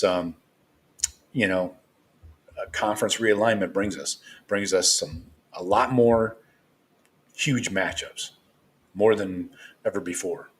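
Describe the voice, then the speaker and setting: A man hosting a live sports stream, talking loosely and rambling as a partisan fan. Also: low-pitched. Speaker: live show host.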